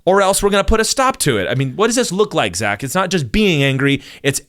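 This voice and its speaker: A male pastor, talking on a podcast and telling stories, acting out quotes in loud bursts. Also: a little high, quick pace. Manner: animated storyteller, acts out quotes in bursts. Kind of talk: casual podcast conversation.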